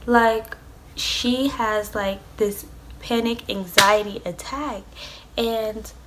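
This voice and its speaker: A woman's voice: fairly high pitch, drawn-out words, heavy background noise. A young adult woman vlogger telling a storytime tale, rambling and swearing, with lots of "like". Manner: rambling, profane, filled with "like". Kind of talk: storytime vlog.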